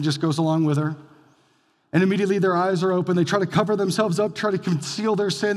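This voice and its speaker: A male pastor delivers a conversational sermon from a church sanctuary, his voice sitting a little high for a man. He swings between loud, emphatic bursts and quiet, low drops. A long reverb from the hall trails every line.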